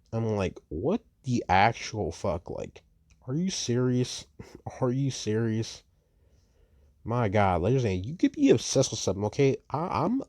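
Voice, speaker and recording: A teenage guy rants into the mic in a heated, profane vlog, his pitch swinging up and down a lot as he talks. His voice is mellow and a little dark, and the recording is dry, with no room echo. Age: teens. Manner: heated, profane, repeats "bro" and "like". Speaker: vlogger. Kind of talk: ranting commentary.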